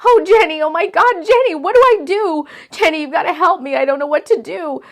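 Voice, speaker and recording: A woman's voice: high-pitched, lively intonation, normal speed, pitched above the performer's own voice. A woman voicing a young female pop star, talking in a frantic, tearful way.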